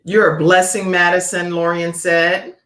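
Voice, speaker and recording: A woman's voice: fairly low pitch, flat delivery, a little slow, fairly bright tone. A middle-aged woman hosting a talk show, effusive and praising, reading viewer comments aloud. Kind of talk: casual chat. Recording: echoey room.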